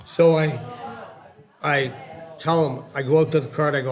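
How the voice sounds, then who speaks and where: A man's voice: on the high side, moderate pace, pauses often. Middle-aged man telling a rowdy story. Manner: animated, swearing, acts out dialogue. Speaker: podcast co-host, former hockey player. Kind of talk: casual storytelling.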